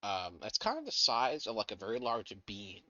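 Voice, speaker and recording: A man runs a tabletop game with a very bright, animated voice. His dry mic sounds a little dull. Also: fairly low pitch, moderate pace, no room sound. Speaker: game master.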